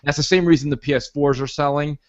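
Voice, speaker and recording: Guy hosting a gaming podcast, kinda high voice, emphatic and preachy, muffled lo-fi audio. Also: fairly even intonation, fast. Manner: emphatic, lecturing. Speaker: podcast host. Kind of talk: opinionated podcast discussion.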